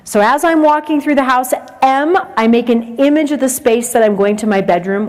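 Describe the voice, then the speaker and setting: A woman's voice: high-pitched, normal speed, hardly any pauses. A woman presenting at a teacher training day, speaking conversationally and acting out examples. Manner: lively, conversational, acts out examples. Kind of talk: lecture to teachers. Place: large lecture hall with a livestream. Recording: long reverb of a lecture hall.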